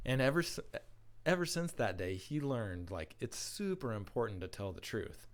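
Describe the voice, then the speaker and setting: A man at a school assembly telling a story to young children in a casual, animated way with lots of fillers. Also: medium pitch, moderate pace. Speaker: school staff presenter.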